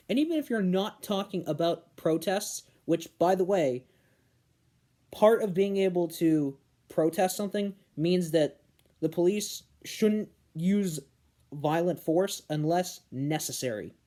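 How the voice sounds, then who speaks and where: A young man from New Hampshire giving an earnest political commentary monologue, slowing down and stressing key words. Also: high voice, dark tone. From New Hampshire, USA. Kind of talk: casual opinion monologue.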